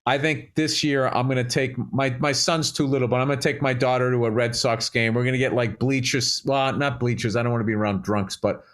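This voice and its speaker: A middle-aged man from Massachusetts, co-hosting a podcast and telling sports stories in a loose, profane, animated way. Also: mid-range voice, brisk, hardly any pauses. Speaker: podcast co-host. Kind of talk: casual chat.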